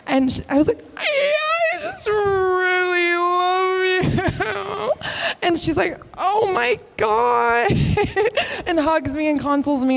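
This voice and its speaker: A woman's voice: fairly high pitch, a little mellow. A young woman answering fan questions at a convention panel, gushing and laughing often. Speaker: cosplay guest at a convention panel. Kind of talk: excited casual Q&A.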